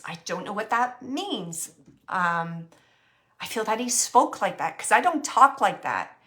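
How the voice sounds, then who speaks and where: Bright-voiced woman giving a halting psychic reading. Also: on the high side, very animated. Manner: halting, searching, thinking aloud; laughs often. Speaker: psychic medium. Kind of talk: relaying a spirit reading.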